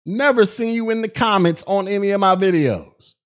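A man's voice: high-pitched, normal speed. A male podcast host on a live stream, ranting in a profane, mocking way at critics.

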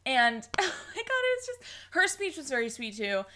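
A young woman co-hosting a podcast in casual chat, excitable and gushing, swearing freely. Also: high voice, normal speed. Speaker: podcast co-host.

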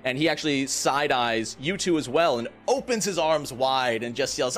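A man's voice: mid-range voice, moderate pace, hardly any pauses, a bit bright. A man running a tabletop game as game master, narrating scenes vividly and with suspense. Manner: vivid, suspenseful description with playful asides.

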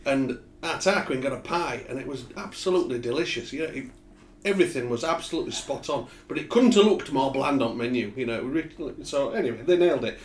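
A man's voice: medium pitch, expressive, fast talker. A man tells stories in a casual chat. He swears freely and laughs often. His voice sits mid-range and sounds echoey, as if recorded in a bare room.

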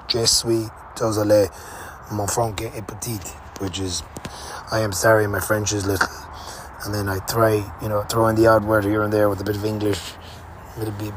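A man's voice: fairly low pitch, a little hiss or hum. A young man hosting a podcast, telling a rambling, casual travel story with fillers and the odd swear word. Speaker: podcast host. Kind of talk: casual spoken travel diary.

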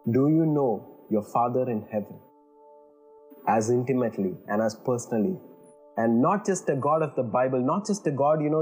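A man's voice: mid-range voice, darkish tone, breathy edge. A man preaching a sermon in an earnest way, building emphasis and checking in with "you know" and "all right". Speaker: pastor.

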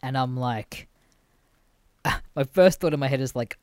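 A young man, hosting a podcast and telling stories casually, animated and full of swearing and laughter. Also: mid-range voice, unhurried, pauses often, dry recording. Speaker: podcast host. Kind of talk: casual storytelling monologue.

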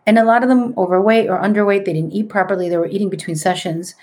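A woman in her late forties, a psychic medium, telling her story in a casual, animated way and mixing in Spanish words. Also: medium pitch, racing, few pauses. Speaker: podcast guest, psychic medium.

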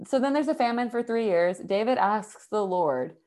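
A woman's voice: medium pitch, expressive, moderate pace, darkish tone. A young adult woman co-hosting a podcast, retelling Bible stories in casual chat, swearing and saying "like" a lot. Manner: chatty, swears, lots of "like". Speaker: podcast co-host.

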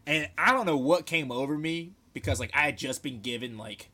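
A young man on a casual podcast, telling military stories in an animated, swearing way and shouting out the lines he quotes. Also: mid-range voice, brisk. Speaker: podcast co-host, military veteran. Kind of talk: casual storytelling chat.

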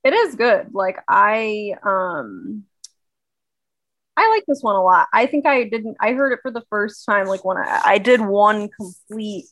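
A woman's voice: mid-range voice, big pitch swings, a little slow, a bit bright, no echo. A woman co-hosting a podcast in casual, upbeat chat, full of "like" fillers. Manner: chatty, upbeat, many "like" fillers. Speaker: podcast co-host.

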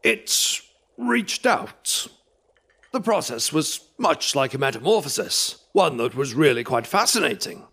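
An actor playing an eccentric old professor who speaks formally and self-assuredly. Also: male voice, a little high, big pitch swings, a little slow, sharp tone, husky, exaggerated voice. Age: older. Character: eccentric old male professor, calm and pompous.

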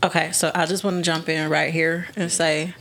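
A woman's voice: deep voice, level tone, normal speed, fairly bright tone, a little hiss or hum. A woman co-hosting a casual podcast chat, blunt and opinionated. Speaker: podcast co-host.

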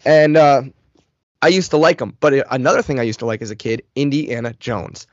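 A man in his thirties, a podcast co-host, telling an animated, profane, self-mocking story in casual chat. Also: mid-range voice, fairly quick, no room sound, highs cut off. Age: 30s.

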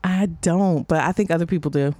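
A woman co-hosting a podcast in casual chat, animated and laughing often, swearing freely. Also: on the low side, brisk, dry recording. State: menstrual cramps. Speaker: podcast co-host.

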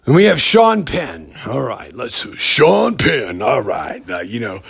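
A man hosting a podcast in a rambling, profane monologue, full of halting restarts and fillers. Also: medium pitch, wildly swooping pitch, gravelly, slightly rough. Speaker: podcast host. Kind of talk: casual ranting monologue.

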